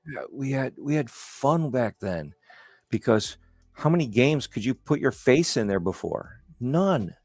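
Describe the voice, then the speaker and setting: A man's voice: medium pitch, very animated, unhurried, darkish tone, no echo. A man hosting a casual podcast chat, telling stories in a rambling, enthusiastic way. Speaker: host.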